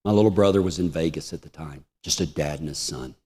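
A man preaching a sermon and telling a personal story, swinging between loud, high emphasis and hushed, low tones. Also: quick pace, breathy edge.

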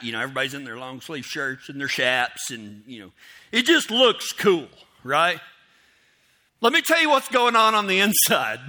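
Man, higher-pitched, very bright tone; rambling self-mocking storyteller who plays out his own inner voice. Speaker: storyteller speaking to an audience. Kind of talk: casual storytelling.

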